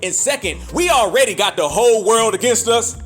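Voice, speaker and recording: Faint music plays behind this man's high-pitched, expressive voice as he hosts a podcast. His commentary monologue is emphatic, with a preacher-like rhythm and frequent profanity, and he mimics other people in brief asides.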